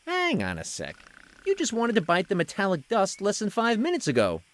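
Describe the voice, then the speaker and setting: A man's voice: sits high, huge pitch swings, a little fast, a bit bright, no room sound, heavily acted. An actor voicing a cheeky young male sorcerer in a video game, sarcastic and wisecracking.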